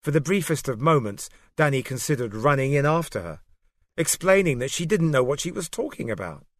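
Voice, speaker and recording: Steady male audiobook narrator, dry sound. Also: a little high, no room sound. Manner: steady, measured storytelling. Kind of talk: scripted narration.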